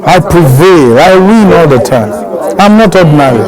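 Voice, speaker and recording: Commanding preacher leading loud declarations. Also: male voice, a little high, lively intonation, normal speed, rough recording. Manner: commanding, repetitive call-and-response chants. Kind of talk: sermon leading a congregation in declarations. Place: church service. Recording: loud church crowd behind.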